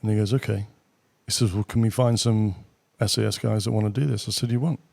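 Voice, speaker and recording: A middle-aged man with a British accent tells war stories in a relaxed, anecdotal way, tossing in asides and casual swearing. His voice sits low and heavy with a gravelly fry. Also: fast talker. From Britain. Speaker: guest, former military pilot. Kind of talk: casual storytelling.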